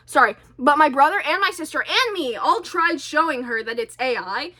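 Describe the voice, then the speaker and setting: A woman rambling through a casual vlog monologue, her voice high and sharply bright. She hops from tangent to tangent, piling on fillers and sounding openly exasperated. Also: normal speed. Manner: chatty, goes off on tangents, many fillers; animated and exasperated. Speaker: vlogger.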